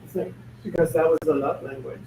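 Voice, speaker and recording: A man's voice: a little high, steady tone, brisk, warm tone. A man working as a spiritual medium, talking casually in an emphatic, blunt and joking way. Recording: echoey room, distant mic, faint noise.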